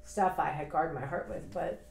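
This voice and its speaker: A woman's voice: low-pitched, fairly even intonation, moderate pace, gravelly, darkish tone, echoey room. A woman in her fifties in a casual personal vlog, talking in a rambling, reflective and heartfelt way. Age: 50s. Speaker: vlogger.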